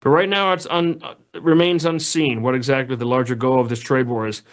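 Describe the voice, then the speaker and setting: A man's voice: mid-range voice, fairly even intonation, a little fast. A man speaking as a guest commentator, giving opinionated political analysis in a conversational way with frequent restarts. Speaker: news editor guest.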